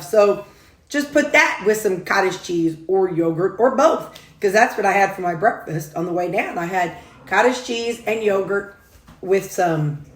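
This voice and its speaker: A woman with a drawl rambles folksily about her meals, chuckling as she goes. Her voice sits at an ordinary middle pitch. The room rings with echo, and dishes clatter faintly behind her. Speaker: food and weight-loss vlogger. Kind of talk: casual chatty talk while eating. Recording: echoey room.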